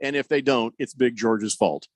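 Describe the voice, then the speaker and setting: A man's voice: mid-range voice, normal speed, dry recording. A man hosting a sports radio show, reading listener texts aloud with wry jokes in casual banter. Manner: wry, joking, reads messages aloud. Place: radio studio. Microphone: studio microphone.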